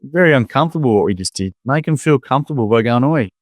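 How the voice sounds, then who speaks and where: An Australian man in casual conversation, telling lively stories and acting out the people he quotes. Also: medium pitch, quick pace, no room sound, clean studio sound. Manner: animated storyteller, acts out quoted voices. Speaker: podcast guest, former teacher.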